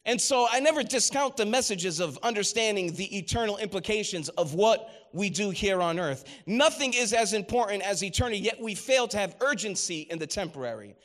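A middle-aged man with a high-pitched voice delivers a sermon. He tells stories with rising emphasis and quotes scripture. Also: expressive, a little fast, hardly any pauses, fairly bright tone. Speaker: preacher.

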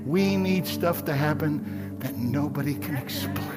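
A man preaching a sermon as pastor, swinging from shouted climaxes to hushed drops. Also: on the high side, a little slow, over a noisy crowd. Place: church sanctuary. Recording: echoey hall with music and congregation.

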